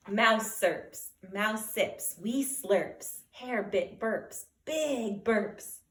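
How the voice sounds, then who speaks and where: A woman teacher reading a picture book aloud, slow and expressive, with dramatic gasps. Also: on the high side. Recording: echoey room.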